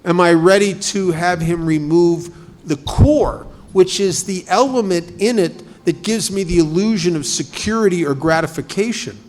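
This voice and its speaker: A man's voice: sits high, unhurried, darkish tone. A man speaking at a recovery group study, talking conversationally and asking many rhetorical questions. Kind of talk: recovery talk.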